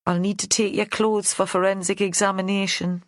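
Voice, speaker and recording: A woman's voice: medium pitch, little pitch movement, normal speed, no echo, natural voice. A woman reading an audiobook, voicing a blunt, plain-spoken middle-aged woman detective. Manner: plain-spoken, dry, homely. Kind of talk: audiobook character voice.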